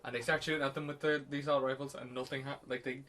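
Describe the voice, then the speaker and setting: A man's voice: mid-range voice, level tone, very fast, a bit bright. A man on a podcast casually recapping a film, rambling and swearing. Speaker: podcast host. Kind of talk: casual film review chat.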